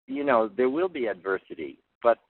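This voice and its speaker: A man's voice: medium pitch, very animated, moderate pace. Give me an earnest older man coaching skaters, heard over a thin phone line. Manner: earnest and plainspoken, repeats words as he thinks. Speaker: figure skating coach. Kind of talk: interview answers. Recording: tinny phone-line sound, dry.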